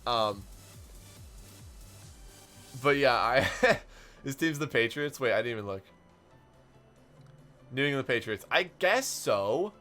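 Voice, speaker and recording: A young man streaming a game, telling stories in an animated way and chatting to his viewers. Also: mid-range voice, soft background music. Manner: animated storytelling, quick asides to chat. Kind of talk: casual stream commentary while playing.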